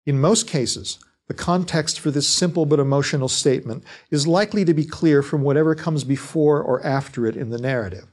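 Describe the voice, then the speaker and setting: A man giving a scripted lecture on fiction writing, speaking in a measured, deliberate way. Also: fairly high pitch, a little mellow.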